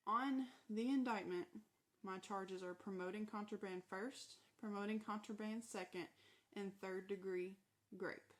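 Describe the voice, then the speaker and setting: A woman tells her own story in the first person, as a former corrections officer looking back. She retells events and quoted dialogue matter-of-factly, her pitch staying fairly level. Her voice sits mid-range for a woman. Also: steady tone, measured pace.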